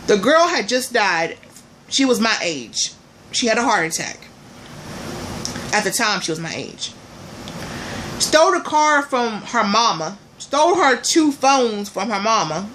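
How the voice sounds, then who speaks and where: Animated woman telling a story. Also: on the high side, a little slow, long pauses, a little hiss or hum. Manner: animated, talks straight to viewers, repeats herself. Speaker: vlogger. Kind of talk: storytime monologue.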